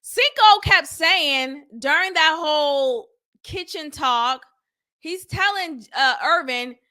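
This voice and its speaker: A woman hosting her own podcast, recapping a reality show episode in a blunt, animated, slangy way and laughing often. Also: high voice, slow pace. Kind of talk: casual recap commentary.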